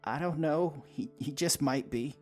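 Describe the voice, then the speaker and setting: A man's voice: mid-range voice, lively intonation, slow pace, darkish tone, faint music behind, pitched above the performer's own voice. A man voicing a panicked young female vampire who stammers and stumbles over her words. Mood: frantic. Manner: stammering, frantic.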